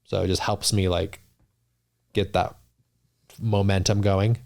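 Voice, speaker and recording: A man's voice: deep voice, level tone, slow pace, vocal fry, a little mellow. A man talking as a podcast guest in casual interview chat, earnest and reflective, often restarting his sentences. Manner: earnest, reflective, many restarts and "you know".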